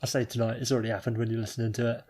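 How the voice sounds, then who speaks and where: A British man co-hosting a podcast, swearing freely with a wry, drawn-out delivery. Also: mid-range voice, level tone, darkish tone, breathy edge. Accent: British English. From Britain. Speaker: podcast co-host. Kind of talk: casual chat.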